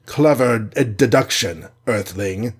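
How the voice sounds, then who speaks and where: A man's voice: fairly low pitch, lively intonation, slightly rough, heavily acted. A man reading aloud and voicing a snarling, arrogant alien conqueror. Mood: menacing. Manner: snarling, slow menace.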